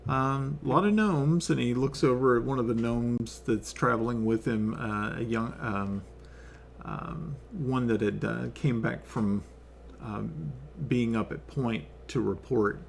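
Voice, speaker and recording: A man narrating as game master over an online call, halting with many fillers. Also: mid-range voice, creaky, a little hiss or hum.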